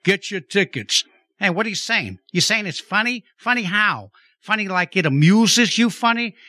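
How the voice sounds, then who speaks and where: A man's voice: high-pitched, animated, normal speed, sharp tone, no room sound, studio quality. A man doing an impression of a tough-talking movie gangster in a radio ad, with a menacing, confrontational delivery.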